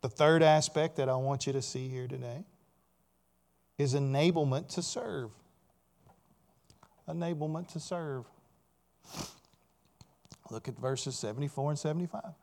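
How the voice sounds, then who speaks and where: Male pastor, higher voice, preaching with rising emphatic peaks. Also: unhurried, vocal fry, long pauses. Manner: emphatic preaching, swelling loud on key points, asks the congregation "right?". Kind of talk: sermon.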